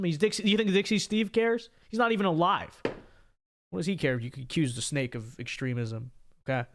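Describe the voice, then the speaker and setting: A man's voice: a little high, fairly bright tone. A man hosting a casual livestream, reading super chats with stammering repeats and a frequent "okay?". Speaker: livestream host.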